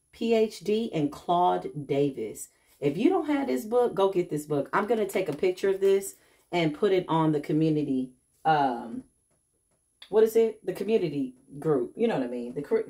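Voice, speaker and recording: A middle-aged woman who calls herself a healer tells a casual vlog story in a lowish, slightly mellow voice. She acts out the people she quotes and addresses viewers as y'all.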